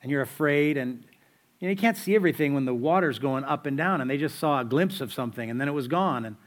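A man's voice: mid-range voice, animated, fast talker. A man preaching a sermon in a conversational, storytelling way, full of rhetorical questions to the listeners. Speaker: pastor.

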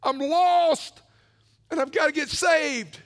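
A middle-aged male pastor preaching his personal testimony, telling it with animated swings from hushed asides to shouts. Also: very high voice, slow. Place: church sanctuary. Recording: long reverb of a large church hall.

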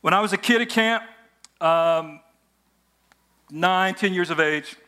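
Bright, animated male preacher. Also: sits high, takes it slowly, clean tone. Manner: animated storytelling, acts out voices of characters. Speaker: pastor. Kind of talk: sermon.

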